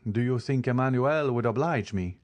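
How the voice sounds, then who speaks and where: A man reading an audiobook, voicing a calm, commanding count with bitter irony. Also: medium pitch, normal speed, no room sound, voice pushed up, natural voice. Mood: cold. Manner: calm, icy, ironic. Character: cold, commanding male count, bitterly ironic. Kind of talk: audiobook character voice.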